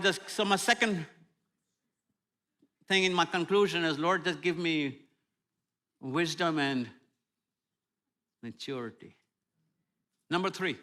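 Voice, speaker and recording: An older man preaching a sermon as a guest speaker, humorous and animated, acting out prayers and apologies in a church. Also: high voice. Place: church sanctuary.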